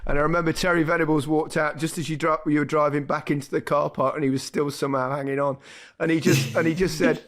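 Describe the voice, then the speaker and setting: A man's voice: fairly high pitch, little pitch movement, quick pace, hardly any pauses, a bit bright. A man hosting a podcast, reminiscing in casual chat and often repeating words as he goes. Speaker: podcast host.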